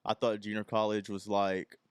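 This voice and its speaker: A man's voice: lowish voice, completely flat delivery, normal speed, smooth, dry recording, studio quality. A young man from Texas hosting a podcast, telling a rambling story and acting out the people in it. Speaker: podcast host. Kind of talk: casual solo podcast storytelling.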